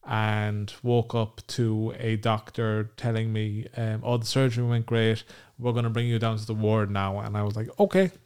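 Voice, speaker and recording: A man's voice: fairly low pitch, a little mellow, clear, resonant tone. A young man giving a casual, rambling personal update, self-deprecating and full of ums.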